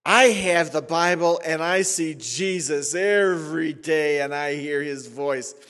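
Preacher doing a smug boastful believer guy, kinda high voice, big echoey church. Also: takes it slowly, a bit bright. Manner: smug, superior.

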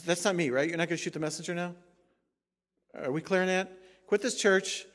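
A man preaching a sermon as pastor, emphatic, moving from quiet asides to loud rising exhortation. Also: high voice, fairly quick. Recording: long hall reverb.

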